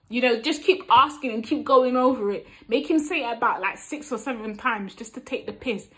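A woman's voice: fairly high pitch, brisk, few pauses, fairly bright tone. Frank, playful woman vlogger. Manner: frank, playful, laughs as she talks. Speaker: vlogger giving relationship advice. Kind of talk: casual advice talk to camera.

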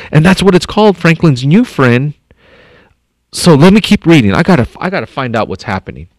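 A man's voice: on the high side, brisk, no room sound. A man reading a picture book aloud to young children at an elementary school as the district superintendent, stopping often to comment and think aloud. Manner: animated, thinks aloud and comments between passages.

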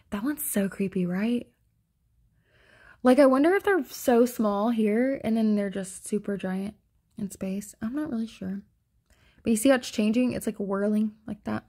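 A chatty woman vlogger who drifts loosely from one thought to the next, her voice sitting at an ordinary middle pitch. She laughs easily and speaks in a casual, unscripted way, as if to friends. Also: moderate pace, long pauses, darkish tone. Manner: giggly, chatty, trails off often. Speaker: spiritual vlogger showing sky photos. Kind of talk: casual rambling commentary.

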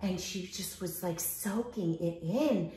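A woman hosting a casual chat while out walking, telling stories in an animated way and acting out the voices of the people in them. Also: fairly low pitch, slow, reverberant. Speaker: host. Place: outdoors walking.

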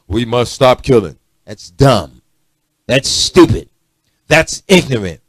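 A middle-aged man preaching a sermon, swinging from loud emphatic lines to low muttered asides. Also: very animated, slow, no room sound. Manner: preachy, rising to shouts and dropping to low asides.

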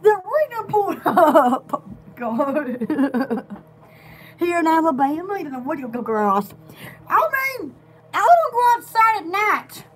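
A woman's voice: very high-pitched, big pitch swings, a little slow, a little hiss or hum. A woman, hosting a rambling, casual live video from home. She giggles a lot and jumps from one goofy topic to the next. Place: home at night.

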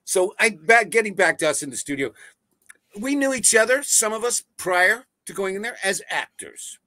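A man, a voice actor telling stories in a casual interview, animated and swearing freely over a video call. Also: high-pitched, normal speed, dry recording. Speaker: voice actor guest. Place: home setup on a video call.

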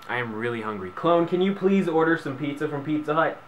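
A man's voice: fairly high pitch, animated, a little fast, a little hiss or hum. A young man vlogging at home into his camera, rambling through sarcastic asides and joking tangents. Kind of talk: comedic vlog monologue.

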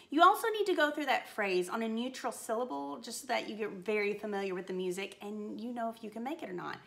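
A woman's voice: a little high, moderate pace, creaky, fairly bright tone. A woman voice teacher giving a singing lesson, upbeat and encouraging as she coaches a phrase.

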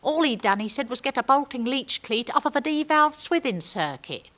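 A woman's voice: sits high, big pitch swings, normal speed, fairly bright tone. An actress playing a chatty young woman in a comic monologue, with a rambling, ungrammatical way of telling stories. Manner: gossipy, rambling, ungrammatical storytelling. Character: chatty working-class young London woman.

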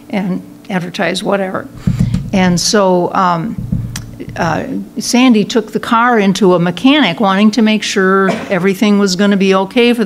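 A woman's voice: medium pitch, a little hiss or hum. A woman minister giving a conversational Sunday talk in a church, telling a story with fillers and restarts. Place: church sanctuary.

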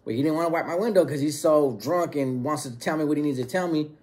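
A man's voice: on the high side, fast, a little mellow. A man casually telling a story, using street slang and acting out quoted dialogue. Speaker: storyteller recounting prison experience.

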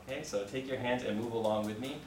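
Speaking at medium pitch in a steady tone and at a quick pace, this male teacher runs a Mandarin lesson built on call and response. He is patient and encouraging, often checking in with "okay" as students repeat after him. Crowd noise is audible, and the echoey room was recorded from far off.

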